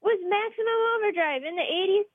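A woman comedian chatting on a radio show, animated and rambling, laughing as she talks. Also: very high-pitched, fast, no room sound, phone-quality sound. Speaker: comedian guest. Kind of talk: casual radio chat.

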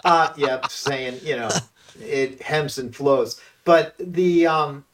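A man's voice: on the high side, slow, distant mic, low-quality recording. A man appearing as a political consultant guest on a talk radio show, hesitant and full of ums. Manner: distracted, hesitant, lots of ums. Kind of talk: casual political radio chat.

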